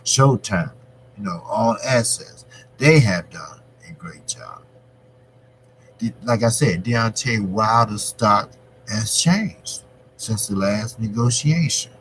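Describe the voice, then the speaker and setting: A man hosting his own boxing channel, talking through a fight in a rambling, conversational way that grows animated when he argues a point. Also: lowish voice, slow pace, a little hiss or hum, rough recording. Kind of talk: casual boxing commentary.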